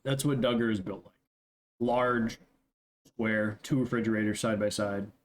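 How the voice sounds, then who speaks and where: A man's voice: fairly low pitch, steady tone, a little slow. A young man narrating as game master, casual and rambling, with many fillers.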